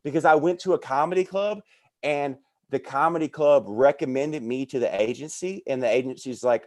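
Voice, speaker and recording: Animated man telling comedy-career stories. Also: medium pitch, fairly quick. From American South. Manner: animated storyteller who acts out quoted voices. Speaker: comedian guest. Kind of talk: casual podcast storytelling.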